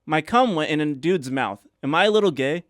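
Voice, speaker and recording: A man on a comedy podcast reads a listener's letter aloud in a smooth, clear voice with a lively pitch. His delivery is emphatic and mock-dramatic. He sits a bit back from the mic in a dry room. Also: brisk, no room sound. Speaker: podcast co-host reading listener mail. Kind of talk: reading a write-in aloud.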